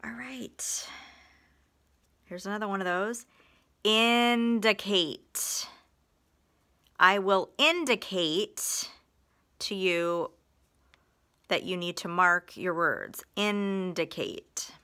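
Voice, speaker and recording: Slow, bright-voiced woman teaching phonics. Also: mid-range voice. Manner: patient, stretches out example words and sentences. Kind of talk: recorded phonics lesson.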